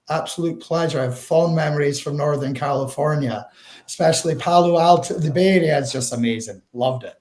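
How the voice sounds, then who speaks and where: A man's voice: a little high, darkish tone, roomy sound. A man with a Northeast Scottish accent chatting as a guest on a video call, telling stories and laughing often. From Northeast Scotland. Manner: chatty storyteller, laughs often, uses Scots words like wee. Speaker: guest, whisky ambassador. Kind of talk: casual chat over a video call.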